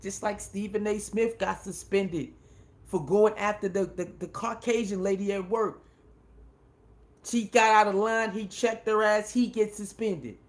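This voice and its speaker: Emphatic, slangy man with a higher voice. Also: steady tone, a little slow. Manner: emphatic and rhetorical, often repeating phrases; slangy and informal. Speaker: commentary channel host. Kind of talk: casual opinion commentary.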